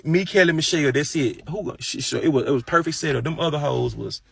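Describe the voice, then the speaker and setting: Gravelly, profane man ranting casually. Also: fast talker, fairly bright tone, dry recording. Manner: profane, gossipy, breaks into high falsetto singing and mimicry. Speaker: streamer. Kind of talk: casual rant.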